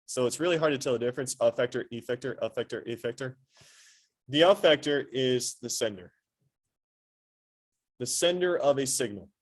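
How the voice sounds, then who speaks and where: A male teacher lectures an anatomy class at a middle pitch. He keeps up a steady stream of questions to his students. He leans on playful analogies and rhetorical asides. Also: moderate pace, long pauses. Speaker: high school anatomy teacher.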